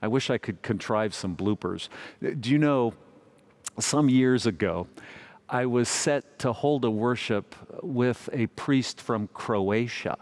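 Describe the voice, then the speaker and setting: A man preaching from the pulpit, spinning a light, self-mocking anecdote. His voice sits at an ordinary male pitch, and he tells the story with easy humor. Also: takes it slowly. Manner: warm humorous storytelling, gentle self-mockery. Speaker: pastor. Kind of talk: storytelling sermon.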